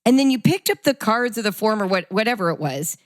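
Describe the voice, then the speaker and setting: Middle-aged woman host: animated, conversational storyteller, mid pitch, dry close sound. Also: quick pace, dry recording. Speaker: podcast host. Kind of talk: conversational interview.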